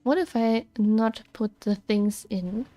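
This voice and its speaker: A young woman streaming a game, thinking aloud in a soft-spoken way. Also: fairly high pitch, slow pace, no room sound. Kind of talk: gameplay commentary.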